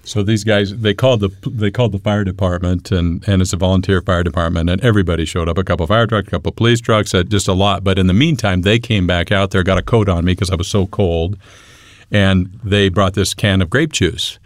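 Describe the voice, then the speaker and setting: A man recounting his own ordeal as a guest, earnest and halting with touches of humor. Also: low-pitched, fairly even intonation, dry recording, clean studio sound. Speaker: guest telling his story. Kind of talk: personal testimony storytelling.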